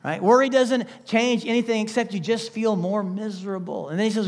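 Speaking high and a little fast, a male pastor works through a sermon full of rhetorical questions. His emphatic style swings from loud outbursts to hushed remarks.

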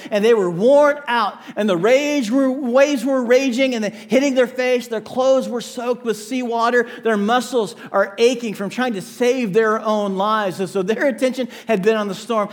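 High-voiced animated male preacher. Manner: animated, acts out quoted voices, drops to soft low asides. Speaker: pastor. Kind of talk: sermon.

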